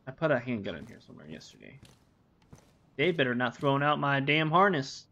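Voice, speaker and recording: In this dull lo-fi recording, a man streaming a game rambles to himself and his viewers, swearing a lot in casual gameplay commentary. His medium-pitched voice swings widely in pitch and moves a little fast, sounding creaky, pushed, and bright.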